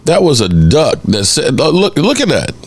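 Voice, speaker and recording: A man's voice: fairly high pitch, normal speed, slightly rough. A man hosting a sports podcast, giving opinionated, exasperated commentary and pushing back at critics. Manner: animated, exasperated, mocks critics in exaggerated voices.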